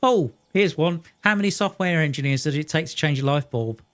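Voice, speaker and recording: A man's voice: a little high, animated, a little fast, fairly bright tone. A man chatting casually while live-streaming a train simulator game, rambling, telling jokes and talking to his viewers. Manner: rambling, joking, talks to chat and himself.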